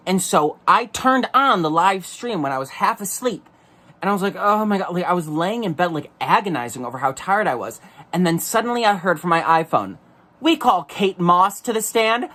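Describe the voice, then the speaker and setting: Animated campy man ranting solo. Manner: animated and campy, swears, breaks into shrill mock voices. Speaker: podcast host. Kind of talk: casual solo monologue.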